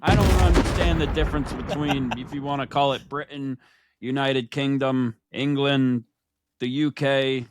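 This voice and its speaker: A man's voice: mid-range voice, steady tone, a little slow, heavy background noise. A man hosting a wrestling podcast in casual chat, stretching out words with hype-man emphasis. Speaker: podcast host.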